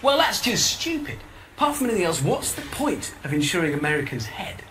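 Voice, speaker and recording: A man's voice: sits high, very animated, fairly quick, pushed and bright, slight background noise. A man, reading a comic news segment on a TV show in a wry, teasing way. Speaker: TV co-presenter.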